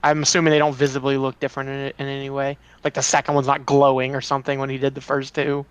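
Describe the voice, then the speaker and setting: A man's voice: mid-range voice, completely flat delivery, fast talker, clear, resonant tone, no echo. A man playing in a tabletop game, chatty and thinking aloud. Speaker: player. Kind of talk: casual tabletop game chat.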